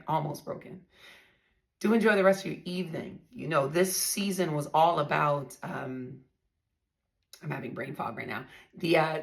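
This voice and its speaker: In this candid storytelling monologue, the woman hosting the podcast shares her own experience bluntly and emphatically, talking right to her audience. Her voice sits low, with vocal fry.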